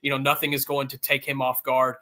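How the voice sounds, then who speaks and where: A man talking as a guest sports reporter, casual and energetic, with quick restarts and fillers. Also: medium pitch.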